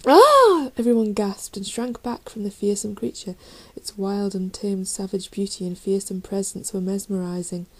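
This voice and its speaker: A woman's voice: medium pitch, little pitch movement, normal speed, low-quality recording. A woman narrating a children's fantasy storybook in a dramatic reading style. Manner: dramatic reading, raising voice for shouted lines. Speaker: audiobook reader.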